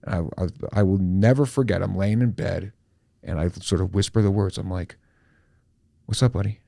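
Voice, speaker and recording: A middle-aged man tells a personal story on a podcast, candid and animated, with his pace lurching between slow and quick. His voice sits fairly low, and the close mic gives a dry sound with no room around it. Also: creaky, no room sound. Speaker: podcast host.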